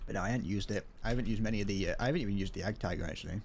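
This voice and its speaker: A young man on a casual gaming livestream, speaking in a fairly low voice. He rambles, restarts sentences and laughs as he answers chat, with a faint hiss of noise behind him. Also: racing, a little mellow. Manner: rambling, frequent restarts and chuckles. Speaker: streamer. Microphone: desk mic, wearing headphones.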